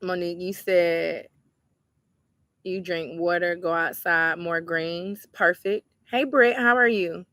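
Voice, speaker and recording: Chatty woman with a bright voice. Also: lowish voice, slow, no room sound, clean studio sound. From Georgia, US. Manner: chatty, relaxed, talks straight to the viewers as y'all. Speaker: livestream host and tarot reader. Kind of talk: casual livestream chat reading viewer comments.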